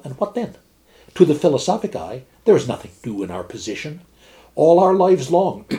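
A man reading as a calm philosophical sea captain. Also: medium pitch, voice pushed up, natural voice. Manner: gentle, measured, reasoning.

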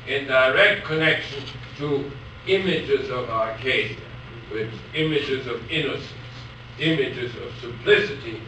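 A man giving a university lecture, reading poetry aloud slowly and otherwise talking haltingly with many pauses. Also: mid-range voice, bright, forceful tone. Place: lecture hall. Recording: echoey hall from far off, faint noise.

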